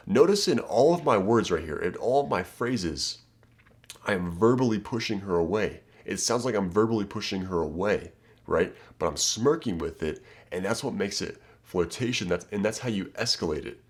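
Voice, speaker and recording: A man's voice: lowish voice, lively intonation, moderate pace. A man coaching viewers on dating in a casual, emphatic way, often checking in with "okay?" and "right?". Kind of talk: direct-to-camera advice talk.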